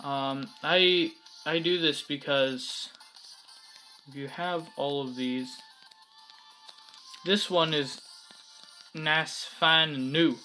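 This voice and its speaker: Hosting a casual screen-recorded Minecraft building tutorial, a man talks hesitantly, with lots of fillers and self-mocking asides. His voice is fairly high, bright and forceful, with fairly even intonation, delivered very slowly with long pauses and faint music behind.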